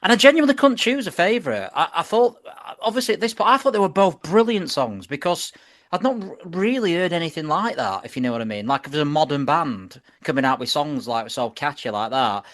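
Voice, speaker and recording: A man, hosting a casual podcast chat, animated and swearing freely. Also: on the high side, brisk. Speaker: podcast host.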